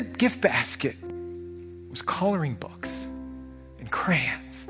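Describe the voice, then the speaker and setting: A man preaching a sermon as pastor, telling a story with lively, animated delivery and repeating phrases for emphasis. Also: takes it slowly, pauses often. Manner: animated storytelling, rising high when excited. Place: church sanctuary. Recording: long church reverb with soft music behind.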